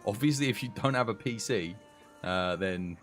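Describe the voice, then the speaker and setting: A man commentating his live game stream, excitable and chatty, talking to his chat. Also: on the low side, normal speed, faint music behind.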